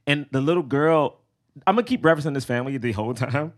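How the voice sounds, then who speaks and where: A man's voice: mid-range voice, fast talker. A young man co-hosting a podcast, chatting casually and animatedly, laughing often. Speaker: podcast co-host. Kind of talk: casual chat.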